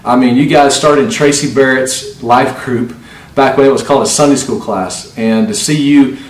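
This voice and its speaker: A man's voice: mid-range voice, steady tone, normal speed. Upbeat pastor-type man, roomy echo. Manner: warm, encouraging. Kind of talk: farewell message. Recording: echoey, distant.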